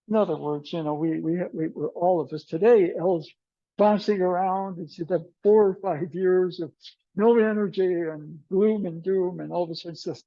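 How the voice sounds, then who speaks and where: A man teaching an aikido class in a relaxed, meandering way, telling stories and acting out the dialogue. The recording sounds dull and muffled. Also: high voice, moderate pace, no room sound. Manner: meandering storyteller who acts out dialogue. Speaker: aikido instructor. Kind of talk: informal class talk with anecdotes. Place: martial arts class.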